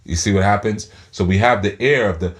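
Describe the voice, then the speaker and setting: A man's voice: on the low side, fairly quick. A man giving a spiritual teaching talk, speaking through his teeth and often repeating words as he thinks aloud.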